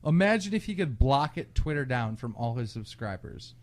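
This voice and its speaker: A man co-hosting a casual podcast, a bit tipsy, loud and laughing, telling stories with crude language. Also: mid-range voice, sing-song, moderate pace. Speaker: podcast co-host. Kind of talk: casual drunk podcast chat.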